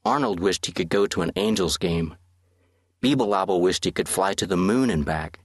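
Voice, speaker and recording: A man voicing a seven-year-old boy in an audiobook, a gentle older brother telling a soft, reassuring bedtime tale. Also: low voice, normal speed, no room sound, clean studio sound.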